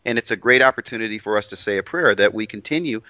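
Low, forceful man co-hosting. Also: fast, dry recording. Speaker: co-host. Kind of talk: casual religious discussion. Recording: dry, muffled lo-fi audio.

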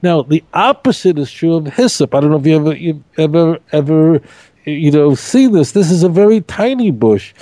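A middle-aged man, a rabbi, teaching scripture in an emphatic, animated way, repeating key phrases on a podcast. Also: fairly high pitch, moderate pace, dry recording. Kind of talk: podcast Bible discussion.

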